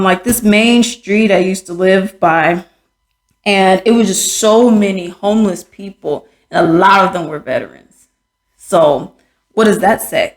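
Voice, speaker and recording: A woman hosting a podcast, speaking frankly and with exasperation in casual commentary, with many fillers and restarts. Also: mid-range voice. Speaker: podcast host. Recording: echoey room.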